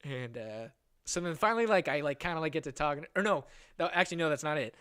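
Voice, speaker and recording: Young man, slightly high voice, quick rambling delivery, casual podcast storytelling, swears a lot. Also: animated, fairly bright tone, clean tone. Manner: rambling, swearing, laughs often, acts out quotes. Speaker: podcast host.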